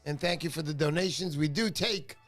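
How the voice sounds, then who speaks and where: Chatty high-voiced New man. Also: a little fast, a bit bright, faint music behind. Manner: chatty, joking, greets viewers by name. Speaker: livestream host. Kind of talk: casual livestream chat.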